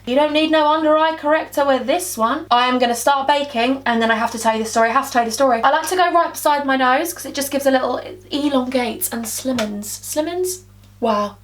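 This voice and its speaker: A young English woman chats through a makeup tutorial in a high, bubbly voice. She rambles playfully and keeps calling her viewers huns. She sits slightly off the camera mic at home. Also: fairly bright tone, recorded from a distance, a little hiss or hum. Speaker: beauty vlogger.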